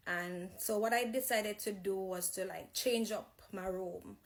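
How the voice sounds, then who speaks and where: A woman with a Jamaican accent telling her personal faith testimony, reflective, with pauses and restarts. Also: medium pitch, fairly even intonation.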